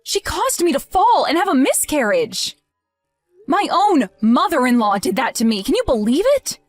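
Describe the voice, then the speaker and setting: A woman's voice: high voice, very animated, normal speed, faint music behind. A woman playing a grieving, indignant young wife. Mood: outraged. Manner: emotional, pleading, rising to outraged. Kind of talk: acted text-message drama.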